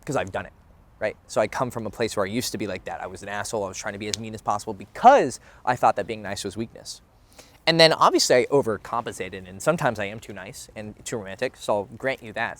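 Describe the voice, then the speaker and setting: A young man speaking casually to camera out of doors, with a mid-range voice. His talk is candid and loose, full of asides and the odd swear word. He sounds like a dating coach sharing opinions in an unscripted vlog. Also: medium pitch. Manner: candid, conversational, swears freely. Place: outdoors near a bench.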